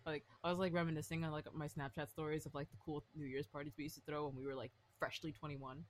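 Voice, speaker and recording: A woman in her twenties co-hosting a podcast, telling a story in casual chat, animated and full of fillers, swearing freely. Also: low voice, fast, slight background noise. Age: 20s. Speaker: podcast co-host.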